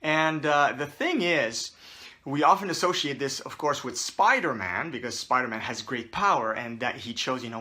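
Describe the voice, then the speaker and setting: Bright-voiced chatty man hosting. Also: medium pitch, animated, moderate pace. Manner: chatty, rambling, frequent fillers and restarts. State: out of breath. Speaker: host. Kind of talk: casual to-camera commentary.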